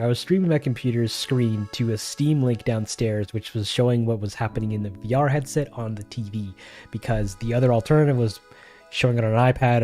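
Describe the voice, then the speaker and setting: A man's voice: mid-range voice, warm tone. A man on his own livestream, telling a rambling story in a casual way, full of restarts and acted-out quotes.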